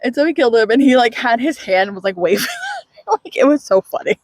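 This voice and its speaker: A woman's voice: on the high side, a little fast, dry recording. A woman co-hosting a podcast, recapping a book in casual chat, laughing often and acting out the characters' lines. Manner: animated storyteller who laughs often and acts out quotes. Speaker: podcast co-host.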